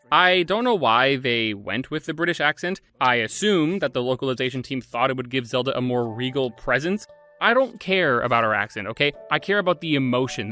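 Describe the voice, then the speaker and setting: A man's voice: medium pitch, sharp tone. A young man narrating a scripted game review video essay, enthusiastic and opinionated with casual asides.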